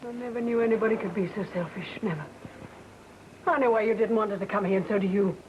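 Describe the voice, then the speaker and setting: A woman's voice: medium pitch, rapid-fire, dull audio, noisy background, lightly acted. An actress playing an indignant stepmother confronting her husband, in clipped, precise diction typical of old television drama. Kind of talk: 1960 television drama acting.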